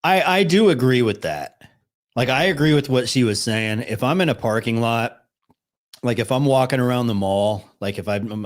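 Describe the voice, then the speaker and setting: A man hosting a live stream, reacting to videos and talking to his chat in a blunt, sarcastic way. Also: lowish voice. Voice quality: blunt, swears casually, sarcastic. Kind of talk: casual live-stream commentary.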